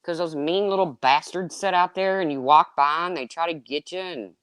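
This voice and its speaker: A woman telling casual stories, swearing freely and swinging between loud exclaims and low asides. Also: moderate pace, crowd noise. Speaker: storyteller. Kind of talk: casual chat.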